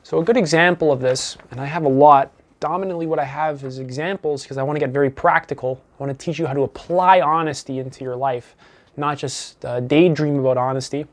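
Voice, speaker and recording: A man teaching as a self-improvement coach in a calm, deliberate monologue. He talks earnestly, with casual "you know" fillers, and repeats his key phrases. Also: fairly high pitch.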